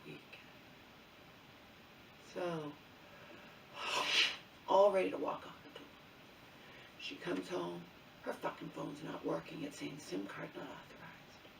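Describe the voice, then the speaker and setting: A woman's voice: deep voice, sing-song, takes it slowly, gravelly, long pauses, darkish tone, a little hiss or hum. A middle-aged woman vlogger telling an angry personal story with lots of swearing, often asking "okay?" and "you know?". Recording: distant mic in an echoey room.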